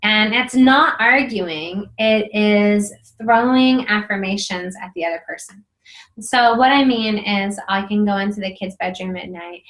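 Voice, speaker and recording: A middle-aged woman hosts a video series about marriage, speaking casually to camera in an earnest, encouraging manner with lots of fillers. Her voice is medium-pitched, unhurried and a little bright, and the recording is rough.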